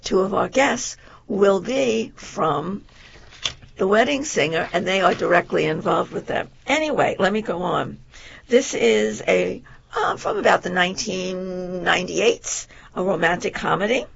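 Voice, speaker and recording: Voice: mid-range voice, expressive, a little slow, gravelly, a bit bright, husky, dull audio. A show host giving a meandering, enthusiastic theater review, piling on adjectives, with a voice that wavers up and down.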